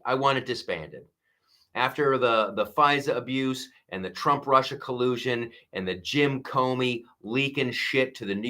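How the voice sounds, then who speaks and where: A man with a bright, tense voice hosts a political commentary monologue. He rants with sarcasm and plenty of profanity. He mocks his opponents in put-on voices. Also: mid-range voice. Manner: mocking mimicry of opponents. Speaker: show host.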